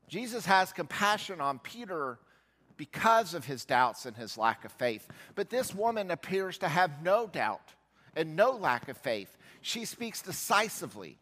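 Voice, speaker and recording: Preaching at a measured pace with big pitch swings, a male pastor tells a Bible story in a church sanctuary, where his voice rings with long reverb. He brings the quoted figures to life, changing pitch and volume to play each one.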